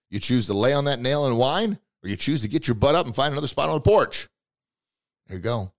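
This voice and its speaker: A man hosting a podcast, giving a motivational talk with emphatic storytelling and acted-out quotes, swinging between loud bursts and quiet asides. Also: mid-range voice. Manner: storytelling, emphatic and preachy, acts out quoted characters. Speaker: podcast host and motivational speaker.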